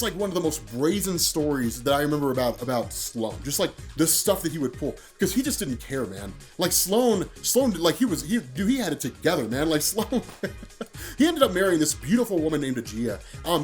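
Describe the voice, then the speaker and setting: A man in his late thirties tells a story to camera with quick, animated energy. His pitch sits slightly high and swings widely as he stumbles through restarts and a steady stream of "like". Faint music plays softly under him. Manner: animated, heavy use of "like" and restarts. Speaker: vlogger. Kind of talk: casual storytelling.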